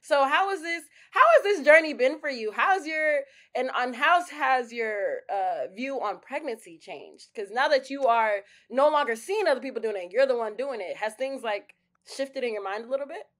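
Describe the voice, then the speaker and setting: A woman interviewer asks her questions in a loose, chatty way, often stopping and restarting mid-thought. Her voice runs high and swings widely in pitch. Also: expressive, normal speed, a bit bright. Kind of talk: casual interview.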